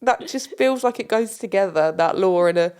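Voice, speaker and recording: A woman's voice: mid-range voice, lively intonation, normal speed, a little mellow, clean tone. A British woman co-hosting a podcast, tossing in playful, jokey comebacks. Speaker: podcast co-host. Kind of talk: casual podcast chat.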